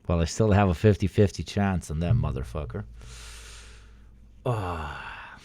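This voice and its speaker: A man hosting a livestream in casual chat, excitable and swearing, pleading loudly with his viewers. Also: sits low, a little slow, no echo. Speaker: livestream host.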